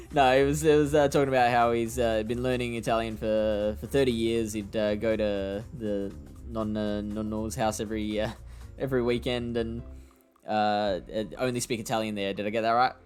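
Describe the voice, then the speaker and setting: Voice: mid-range voice, steady tone, moderate pace, a little mellow, clean tone, faint music behind. A stream host chatting casually, laughing often and talking with a lot of fillers. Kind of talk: casual chat on a game stream.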